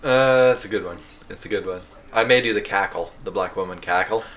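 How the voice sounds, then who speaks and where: A man's voice: fairly low pitch, fairly quick, fairly bright tone. A man with a Canadian accent hosting a casual podcast, laid-back and joking. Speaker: podcast host. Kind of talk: casual chat.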